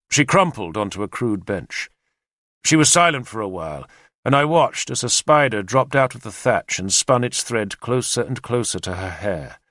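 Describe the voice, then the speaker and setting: A male audiobook narrator telling a first-person story at a measured pace. His mid-range voice moves freely in pitch, and the sound is close and dry. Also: fairly bright tone, dry recording. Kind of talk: scripted narration of a historical novel.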